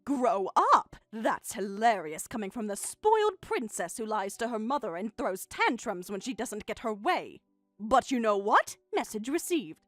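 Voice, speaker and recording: A woman's voice: medium pitch, no echo, voice pushed down, natural voice. A woman voicing a bitter, hurt middle-aged mother in a dramatized text-story reading, speaking in a cold, sarcastic, clipped way.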